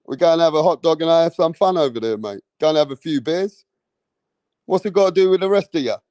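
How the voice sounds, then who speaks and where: A man's voice: on the high side, lively intonation, quick pace, mellow, dry recording, natural voice. A man putting on a brash, swearing London boxing fan with a put-on London accent. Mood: rowdy. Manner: swearing, slangy, boisterous.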